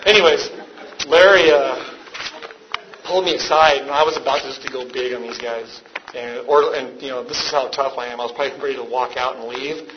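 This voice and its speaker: A man's voice: medium pitch, fairly even intonation, brisk. A man telling his recovery story to a live meeting, rambling and self-mocking, often laughing at himself. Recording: dull lo-fi with background noise.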